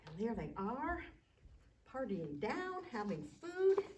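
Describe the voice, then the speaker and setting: A woman librarian reads a storybook to children, chatting gently with them between pages. Her delivery is slow and lively in pitch, and her voice sounds somewhat distant from the microphone. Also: background noise. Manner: gentle, chatty asides to young listeners.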